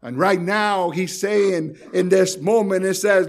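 A man's voice: sits high, slow. A man preaching a sermon, speaking with pleading intensity and addressing his listeners directly, repeating phrases for emphasis. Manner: pleading, rising and falling in intensity.

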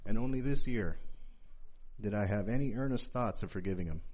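Measured man in his forties preaching. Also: on the low side, a little mellow. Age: 40s. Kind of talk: sermon with personal story.

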